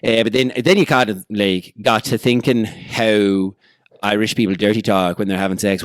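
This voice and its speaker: Male podcast host, low pitch, dry close sound, playful and laughing. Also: fairly even intonation, moderate pace, no echo. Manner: playful, laughing, does silly voices. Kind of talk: casual podcast chat.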